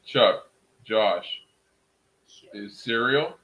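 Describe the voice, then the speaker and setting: Playful man chatting live, lively pitch. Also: extremely slow, dull audio. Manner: playful and joking, laughs often. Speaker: livestreamer chatting with viewers. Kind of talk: casual live chat.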